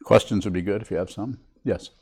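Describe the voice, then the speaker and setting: An older man, a Buddhist teacher, giving a reflective, unhurried dharma talk to a meditation group. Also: on the low side, fairly even intonation, a little mellow, slightly rough.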